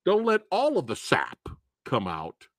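A man rambles through a casual movie review, his pitch jumping all over the place as he repeats himself, swears freely and laughs along the way. The sound is dry and close, with no room around it. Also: a little slow, no room sound. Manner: animated, profane and repetitive, laughing often. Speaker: movie review show host.

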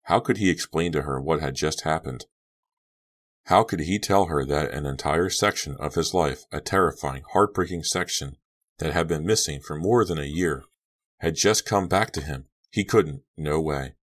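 A man reads an audiobook in a steady, clipped way. His voice sits very deep. It is scripted storytelling narration. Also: normal speed.

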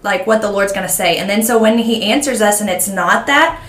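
A woman's voice: medium pitch, fairly quick, fairly bright tone. Woman, co-host, hesitant, lots of fillers, casual faith chat, roomy echo. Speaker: podcast co-host.

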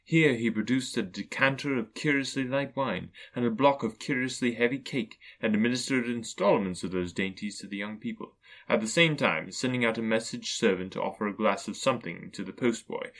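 A man reads a classic storybook aloud in a measured, even way. His voice is bright and forward, sitting at an ordinary male pitch. The narration flows steadily. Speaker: audiobook narrator.

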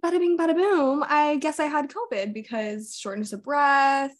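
A woman's voice: high-pitched, steady tone, normal speed. Young woman, podcast co-host, loose chatty storyteller who swears freely. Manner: chatty storyteller, swears, says "like" and "literally" a lot. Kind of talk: casual chat.

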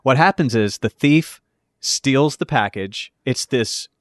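A man's voice: medium pitch, animated, slow, no echo, studio quality. A man co-hosting a podcast, rambling enthusiastically through a story in casual chat. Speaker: podcast co-host.

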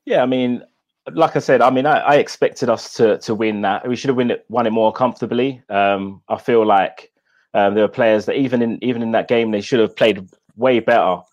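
A man's voice: medium pitch, normal speed, a little mellow, dull audio. A man speaking as a podcast guest, hesitant, with many fillers. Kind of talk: casual podcast chat.

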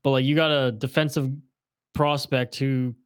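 Excitable young man talking hockey. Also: medium pitch, normal speed, smooth, no echo, studio quality. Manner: blunt, excitable, swears and laughs. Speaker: hockey podcast co-host. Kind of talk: casual sports chat.

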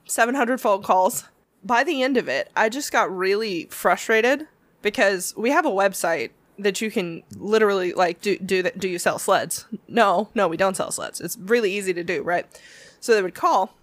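A woman's voice: medium pitch, normal speed, no echo. A woman co-hosting a podcast, telling rambling, laughing stories and acting out the customers in them. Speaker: podcast co-host. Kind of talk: casual storytelling chat.

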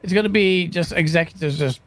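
A man's voice: sits high, a little fast, a bit bright, no echo. A man co-hosting a casual gaming podcast, laughing a lot and calling people bro and bruv. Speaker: podcast co-host.

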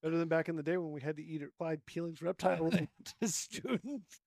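Earnest stonemason guest, slightly high voice. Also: male voice, fairly quick, creaky, darkish tone, no echo, studio quality. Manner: earnest, rambling, laughs easily. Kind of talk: casual conversational interview.

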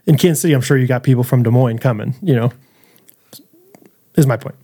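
A man's voice: medium pitch, a little fast, warm tone, husky. A man co-hosting a podcast, chatting playfully and joking around. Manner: playful, jokey, drops into silly voices. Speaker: podcast co-host. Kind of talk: casual podcast chat.

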